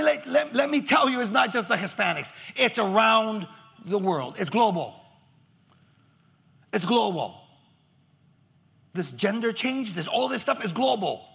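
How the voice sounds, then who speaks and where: A male pastor preaching a sermon emphatically, swinging from shouts to near whispers and acting out members of the congregation. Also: high voice, vocal fry.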